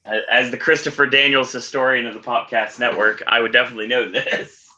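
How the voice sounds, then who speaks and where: Man, podcast co-host, wry and nerdy, casual chat, bright forceful tone, muffled lo-fi sound. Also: medium pitch, fairly even intonation, a little fast. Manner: wry, nerdy trivia asides.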